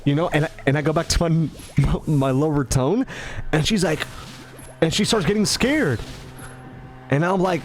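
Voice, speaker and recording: A man rambling in casual commentary, animated and self-mocking. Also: on the high side, moderate pace, long pauses, soft background music. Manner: animated, self-mocking, acts out his own lines. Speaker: gaming commentator.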